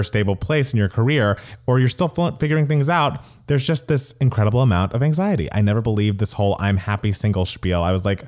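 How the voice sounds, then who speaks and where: A man co-hosting a podcast, chatting casually and laughing often. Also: mid-range voice. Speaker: podcast co-host. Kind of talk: casual chat.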